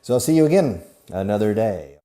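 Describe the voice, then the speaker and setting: A man's voice: fairly low pitch, sing-song, a little fast, warm tone. A middle-aged man teaching an English lesson to a camera, asking himself questions and answering them playfully. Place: classroom filmed for video. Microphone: camera operated by an assistant.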